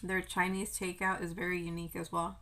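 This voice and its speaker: A woman's voice: lowish voice, flat delivery, brisk, sharp tone, a little hiss or hum, low-quality recording. A young woman chatting casually while eating on camera, telling a travel story and swearing now and then. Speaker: vlogger. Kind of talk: casual mukbang chat.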